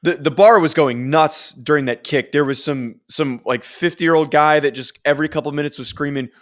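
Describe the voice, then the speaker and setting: Young male podcast co-host, slightly higher pitch, rambling, self-mocking, casual chat. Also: a little fast. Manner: rambling, self-deprecating storyteller with frequent restarts.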